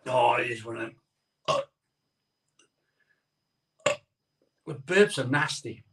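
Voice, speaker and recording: A man's voice: mid-range voice, slow, fairly bright tone, recorded from a distance. A man hosting a live beer-tasting stream, talking in a rambling, self-interrupting way while his mouth burns from chili. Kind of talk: casual live-stream chat. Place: home room, streaming live.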